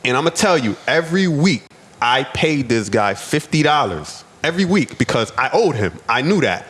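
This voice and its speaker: A man's voice: mid-range voice, big pitch swings, moderate pace, a bit bright. A man from the United States, a podcast guest, telling his own story earnestly and often repeating words as he goes. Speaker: podcast guest, restaurant owner. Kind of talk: personal storytelling.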